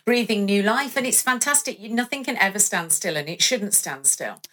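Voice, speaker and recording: An English woman, a singer, chatting about her training and career with lively storytelling and plenty of fillers. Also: mid-range voice, moderate pace. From England. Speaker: guest, opera singer. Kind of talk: casual interview chat.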